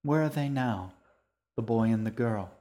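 A man's voice: mid-range voice, a little slow, mellow, close to an everyday voice. A man voicing a menacing, falsely smiling man who coaxes and threatens a boy in an audiobook reading. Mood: sly. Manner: cold, coaxing, threatening.

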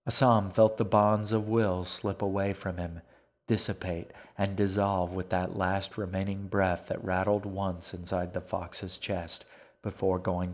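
A man narrating a dark fantasy audiobook in a measured, even manner. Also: deep voice. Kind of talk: scripted narration.

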